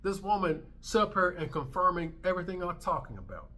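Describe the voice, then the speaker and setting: A man's voice: high voice, sing-song, fairly quick, pushed and bright. A man in his thirties hosting a commentary vlog, ranting in a brash, emphatic way and swearing freely. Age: 30s. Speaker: commentary channel host.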